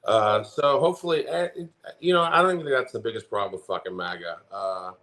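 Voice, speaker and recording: A man's voice: on the low side, a little fast, a bit bright. A man in his forties, a podcast co-host, telling a heated, profanity-filled story in casual chat. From Omaha, Nebraska. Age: 40s.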